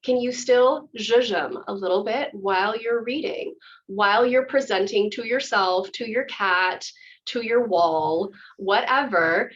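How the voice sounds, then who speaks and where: An acting teacher gives a chatty, enthusiastic explanation during a workshop, her medium-pitched voice unhurried. The audio is dull and lo-fi.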